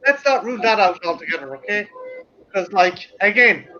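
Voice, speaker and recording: A man's voice: high voice, expressive, brisk, pushed and bright, highs cut off, slight background noise. A man co-hosting a casual movie watch-along, rambling and joking with heavy swearing. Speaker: podcast co-host.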